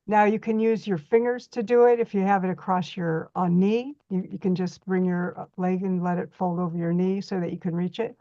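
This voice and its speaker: A woman's voice: on the low side, steady tone, a little fast, hardly any pauses, dark tone, no room sound. Middle-aged woman, reflexology instructor, folksy chatty teaching, dry muffled sound. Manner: chatty, folksy, demonstrating on a model foot. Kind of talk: hands-on workshop teaching.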